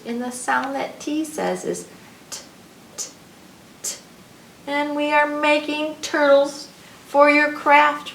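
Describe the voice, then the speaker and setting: A woman librarian reading alphabet rhymes to young children in a slow, sing-song way, sounding out each letter, recorded from a distance in an echoey room. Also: mid-range voice, a bit bright, slight background noise.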